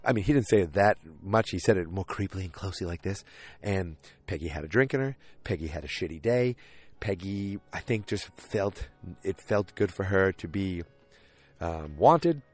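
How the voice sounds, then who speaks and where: Guy doing a podcast recap, kinda low voice, rambles with lots of ums, dry close mic. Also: lively intonation, moderate pace, no echo. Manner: rambling, retells scenes in quoted voices, many fillers and restarts. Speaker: podcast host. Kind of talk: casual episode recap.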